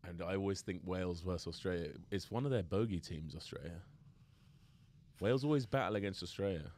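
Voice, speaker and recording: A man's voice: low voice, fairly quick, a little mellow. A man co-hosting a casual rugby podcast, bantering about match picks and often trailing off mid-thought. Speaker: podcast co-host. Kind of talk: casual chat.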